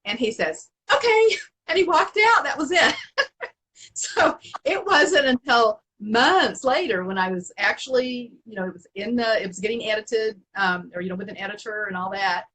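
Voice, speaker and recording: Middle-aged woman guest, bright husky voice, lively storyteller who laughs a lot. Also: on the high side, moderate pace, rough recording. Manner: animated, laughs often, many restarts and fillers. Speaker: author, interview guest. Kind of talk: casual storytelling in an interview.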